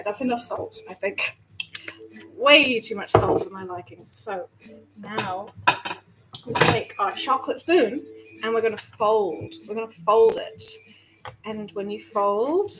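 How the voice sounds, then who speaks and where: A woman's voice: mid-range voice, animated, slow pace, pauses often, heavy background noise. A woman chatting to viewers while baking, flustered, nervous and self-mocking. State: nervous and overheated. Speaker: vlogger baking on stream. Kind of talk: casual chat while cooking.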